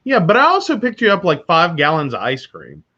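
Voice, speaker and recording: A man's voice: fairly high pitch, brisk. A man co-hosting a podcast in casual chat, teasing and laughing as he tells stories. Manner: teasing, laughing, animated storyteller. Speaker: podcast co-host. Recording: dull lo-fi sound.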